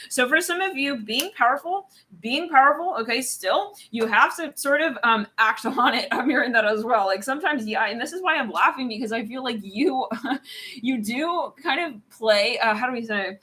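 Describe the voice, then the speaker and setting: A woman's voice: on the high side, lively intonation, normal speed, sharp tone. A woman doing a channeled tarot reading, talking in a rambling, searching way with many restarts and the odd swear word. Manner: casual, drops swear words. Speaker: tarot reader.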